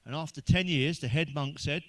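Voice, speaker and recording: A man's voice: a little high, moderate pace. A man telling crude stand-up jokes, swearing constantly and laughing at his own punchlines. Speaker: stand-up comedian.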